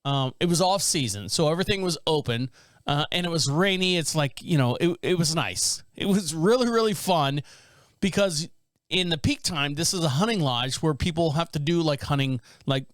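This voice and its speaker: A man's voice: on the high side, expressive, normal speed, a bit bright, no room sound. A middle-aged man hosting a podcast from a small studio, telling rambling stories in casual chat and laughing often. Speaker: podcast host.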